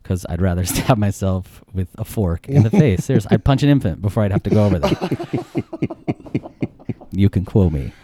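Joking, animated male storyteller. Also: low-pitched, a little fast, no echo. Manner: animated, jokey, acts out quotes. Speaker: podcast guest. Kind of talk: casual storytelling.

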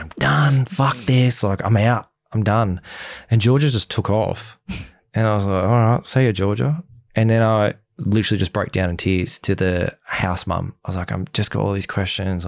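A deep-voiced young man tells his story in a casual interview. He talks in an animated way, acts out both sides of past conversations and swears freely. The recording is dry and close. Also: vocal fry, no echo. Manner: animated retelling, acts out quoted dialogue, frequent swearing. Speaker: guest, former reality show contestant.

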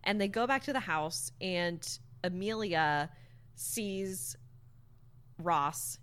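A woman's voice: fairly low pitch, animated, slow pace, a bit bright, clean tone. A woman casually retelling a story's plot to a friend, rambling with many fillers and the odd swear word. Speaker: storyteller recapping a book. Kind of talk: casual chat.

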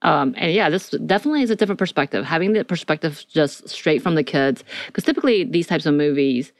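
A woman's voice: deep voice, lively intonation, fast talker, no echo. A woman co-hosting a podcast, talking in a rambling, candid way with many likes and ums. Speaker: podcast co-host. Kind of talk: casual podcast chat.

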